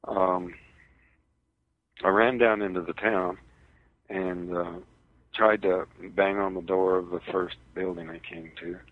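A man recounting a personal ordeal as an interview guest, in a halting, hesitant way, heard over a tinny phone line on radio. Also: deep voice, flat delivery, no room sound.

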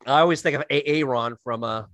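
A man's voice: medium pitch, fast, fairly bright tone, no echo. A man co-hosting a podcast in casual chat, joking around and telling stories with animation. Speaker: podcast co-host.

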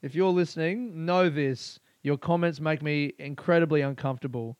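A young Australian man rambles through his solo podcast, swearing freely and drifting from one thing to the next. His voice sits a little high and comes across smooth and clean. The sound is dry and close, with no room around it. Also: moderate pace, darkish tone, no room sound, lo-fi sound. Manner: crude, profane and rambling. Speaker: podcast host. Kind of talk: solo casual podcast monologue.

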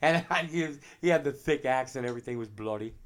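A middle-aged man, a drummer, telling animated anecdotes in a casual interview. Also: mid-range voice, fast. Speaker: drummer guest.

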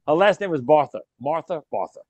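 With a fairly high voice and a slightly fast pace, this man hosts a podcast, laughing through animated stories and performing the lines he quotes. The audio has no echo, and its highs are cut off.

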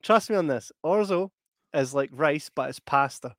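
A man's voice: fairly high pitch, normal speed, no echo, clean studio sound. A Scottish man in his thirties co-hosting a podcast, telling stories in casual chat, swearing and laughing often. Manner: sweary, laughing, animated storytelling. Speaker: podcast co-host.

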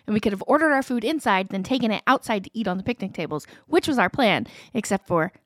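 A woman in her forties co-hosting a podcast, telling a family story in a casual, animated way with frequent laughter. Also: medium pitch, fast, dry recording, studio quality. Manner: animated, laughing, acts out quotes. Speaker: podcast co-host.

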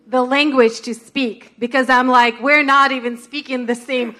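A woman's voice: high voice, steady tone, moderate pace, sharp tone. A woman with a Russian accent sharing earnestly and personally in a sermon. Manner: earnest, personal, laughs at herself.

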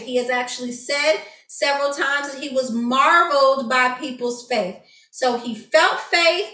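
A woman leads a Bible study, reading verses and then explaining them with eager, rambling enthusiasm. Her voice is high and crisp. The sound is distant, with a roomy echo. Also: pushed and bright. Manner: enthusiastic, chatty, many fillers. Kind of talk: excited teaching and scripture reading. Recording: echoey room, distant mic.

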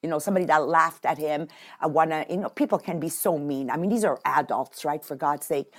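A woman with a French Canadian accent hosting a motivational podcast, talking in an animated, emphatic way and repeating words for effect. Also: low-pitched, a little fast. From Quebec. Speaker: podcast host. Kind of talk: casual motivational talk.

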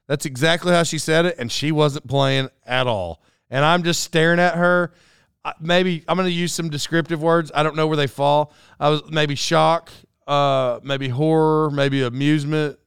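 A man's voice: fairly high pitch, fairly even intonation, normal speed, fairly bright tone, clear, resonant tone, dry recording, clean studio sound. A middle-aged man telling rambling, self-aware stories in a casual solo monologue.

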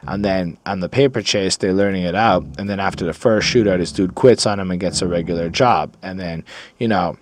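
A man giving a casual, rambling music review, swearing freely and filling pauses with ums and uhs. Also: sits low. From Jewish. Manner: rambling, profane, with frequent fillers and restarts. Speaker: album reviewer.

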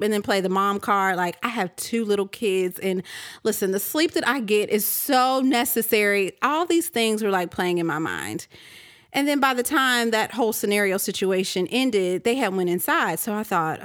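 A woman in her thirties hosting a podcast, ranting in a casual, animated way and acting out her own reactions. She sounds tired and half awake. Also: medium pitch, normal speed, no echo, clean studio sound. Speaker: podcast host.

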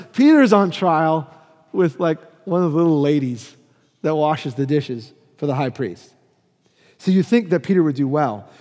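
A man preaching a sermon, explaining the text and acting out the quoted lines in a lively way. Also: on the high side. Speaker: pastor. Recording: long reverb of a hall.

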